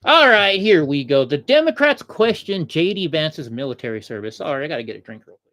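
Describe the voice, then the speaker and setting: A man's voice: a little high, big pitch swings, fairly quick, pushed and bright. A man hosting a livestream show, giving heated, rambling political commentary, repeating himself and answering viewers in the chat. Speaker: host.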